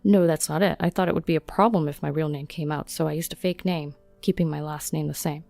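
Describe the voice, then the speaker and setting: A woman reading the lines of a defiant, self-justifying husband in her own low, mellow voice. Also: steady tone, quick pace, creaky, dry recording, faint music behind. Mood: defensive. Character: defiant cheating husband, middle-aged man.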